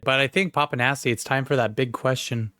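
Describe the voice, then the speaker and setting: A man chats through a film recap on a podcast, jumping into quick voices for the characters as he retells scenes. His pitch swings high and low, and the sound is dry and close with no room around it. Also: fairly even intonation, sharp tone, no echo. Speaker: podcast co-host. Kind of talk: casual movie review chat.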